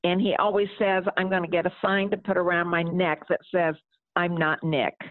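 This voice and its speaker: A woman's voice: on the low side, little pitch movement, normal speed, no room sound. A middle-aged woman author answering interview questions and reading aloud from her novel, speaking earnestly. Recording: tinny phone line.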